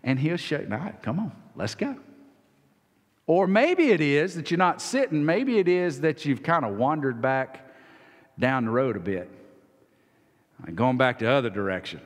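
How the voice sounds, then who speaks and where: A man preaching a sermon as pastor, folksy, acting out quoted voices and swinging from loud to soft. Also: medium pitch, animated, normal speed. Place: church sanctuary. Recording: long hall reverb.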